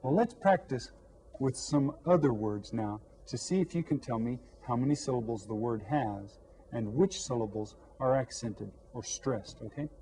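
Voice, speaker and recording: A man teaching a lesson to young pupils, repeating words slowly and clearly. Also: mid-range voice, dark tone, a little hiss or hum, low-quality recording. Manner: slow, drawn-out repetition of words. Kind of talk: classroom lesson to children.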